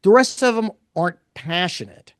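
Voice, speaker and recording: A middle-aged man presenting poll findings in a casual live talk, blunt and animated, rambling with restarts. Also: high voice, normal speed, clean tone, dry recording, studio quality. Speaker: pollster presenting poll results.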